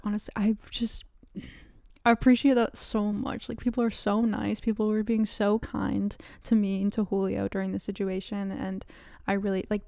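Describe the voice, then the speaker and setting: A woman's voice: medium pitch, gravelly, warm tone, dry recording, studio quality. A young woman in her twenties hosting a podcast, telling a story in casual chat, laughing often, swearing and acting out quoted lines. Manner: laughs often, swears, many likes, dramatic quoted voices. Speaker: podcast host.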